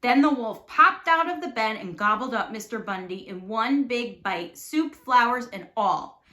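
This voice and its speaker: A woman teacher reading a storybook aloud with expressive, animated narration. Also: a little high, measured pace. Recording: echoey room.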